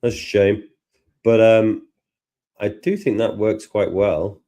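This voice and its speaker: A man with a Liverpool accent presenting a live tutorial in a relaxed, self-deprecating way. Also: on the low side, slow pace. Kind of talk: casual live tutorial chat.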